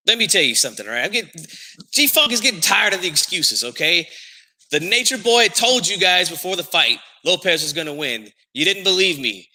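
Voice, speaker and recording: A man hosting a boxing podcast, loud and theatrical, who talks about himself in the third person. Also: sits high, sing-song, fairly quick, big-room sound. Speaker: podcast host. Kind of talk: hyped-up boxing talk.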